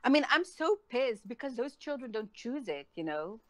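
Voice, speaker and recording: A woman's voice: a little high, very animated, moderate pace, fairly bright tone, no echo. Woman ranting angrily, very dry sound. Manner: angry, profane ranting. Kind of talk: heated casual chat.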